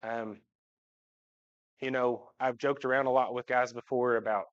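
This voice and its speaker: This man speaks at a medium pitch with a steady tone and a slightly slow pace. Standing at the front of the church sanctuary, he shares a personal talk with his congregation about his family, joking yet heartfelt, captured on dull livestream audio.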